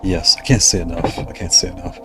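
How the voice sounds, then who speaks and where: A man's voice: low voice, fairly even intonation, a little fast, faint music behind. A man hosting a livestream, chatting casually and enthusiastically, often drifting off on digressions. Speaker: livestream host.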